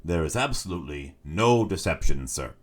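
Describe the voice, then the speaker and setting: A man's voice: low-pitched, expressive. A man voicing a courteous, uncanny magic shopkeeper. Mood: polite. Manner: courteous, smooth, unhurried. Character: polite, affable male magic shopkeeper, uncanny.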